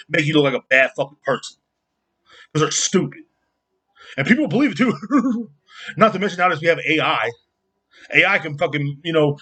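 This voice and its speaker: A man's voice: fairly high pitch, bright, forceful tone. A man hosting a podcast, ranting angrily and bluntly with constant swearing and the odd laugh. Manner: angry, swearing, blunt, laughs at own jokes. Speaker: podcast host. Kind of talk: profane solo rant.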